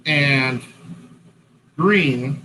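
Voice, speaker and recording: A man's voice: mid-range voice, extremely slow, bright, forceful tone, a little hiss or hum, low-quality recording. A man co-hosting a casual livestream, chatty and self-correcting as he sets up and explains his painting. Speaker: co-host. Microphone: headset-style hat cam mic.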